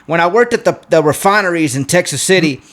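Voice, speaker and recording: A man co-hosting a comedy podcast, joking around and acting out his own story with loud yelps. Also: a little high, animated, fast. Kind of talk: casual comedy podcast banter.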